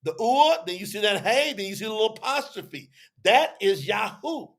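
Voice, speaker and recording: A man's voice: high-pitched, big pitch swings, normal speed, vocal fry, fairly bright tone. A man teaching a live audience on a religious telethon, chatty and repetitive, acting out both sides of an argument as he explains.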